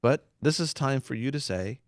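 A man's voice: medium pitch, moderate pace, no room sound, studio quality. A man co-hosting a Christian talk show, preaching earnestly in casual conversation and acting out quotes. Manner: earnest, animated, acts out quotes.

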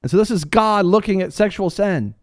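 A man preaching a sermon with passion, swinging between hushed lines and loud ones, addressing his listeners directly as sir and ma'am. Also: high voice, lively intonation, a little fast, no echo, studio quality.

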